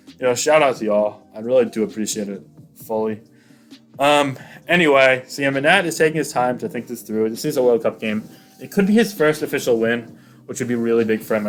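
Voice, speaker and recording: A man with a medium-pitched voice gives casual play-by-play of an online battle. He's chatty and excitable, rambling along with lots of fillers.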